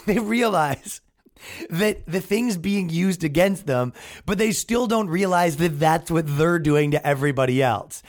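Sarcastic podcast guy riffing on stuff, kinda high voice, mocking. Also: expressive, a little slow. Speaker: podcast host. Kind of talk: comedic commentary.

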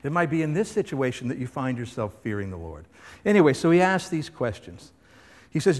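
A man's voice: medium pitch, very animated, fairly quick. Preaching man in an echoing hall. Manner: emphatic, full of rhetorical questions. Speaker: pastor. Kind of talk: sermon. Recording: reverberant hall.

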